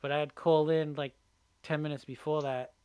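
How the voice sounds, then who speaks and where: A man in casual chat on a podcast, telling prank-call stories with excited laughs. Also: on the high side, clear, resonant tone, no echo. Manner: fast, excited storytelling with laughs. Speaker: podcast guest, prank caller.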